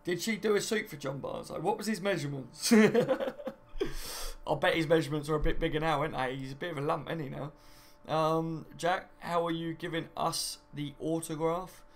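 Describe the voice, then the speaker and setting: Reading viewer comments aloud on his live stream, a young man speaks at a moderate pace in a slightly high voice with fairly even intonation. His manner is friendly and matey, full of "mate" and "do you know what I mean."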